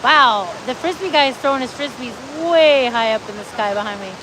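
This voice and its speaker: A woman's voice: sits high, animated, normal speed. Chatty woman livestreaming a beach walk. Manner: chatty, upbeat, addresses viewers directly. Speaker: livestream host. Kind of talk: live beach walk vlog. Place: outdoors on a beach. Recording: outdoor phone audio with loud surf noise. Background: surf and wind noise.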